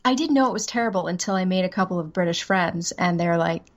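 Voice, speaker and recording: A woman's voice: lowish voice, quick pace, muffled recording, heavy background noise. Chatty, laughing woman voice actress. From Southern United States. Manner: chatty, self-deprecating, laughs easily. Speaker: voice actress, guest. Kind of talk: casual interview chat.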